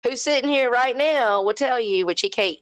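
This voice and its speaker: A woman's voice: a little high, moderate pace, smooth. A woman with a Southern US accent, co-hosting a livestream at home on a headset mic, talking bluntly and with lots of swearing. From American South. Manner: blunt, profane, fired-up. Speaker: livestream co-host. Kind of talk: heated casual livestream rant. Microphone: headphones with mic.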